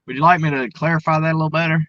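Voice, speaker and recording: A man with an Arkansas accent, a guest in an interview, talking in a folksy, halting way with restarts. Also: a little high, fairly even intonation, sharp tone, no room sound, dull audio. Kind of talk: casual interview chat.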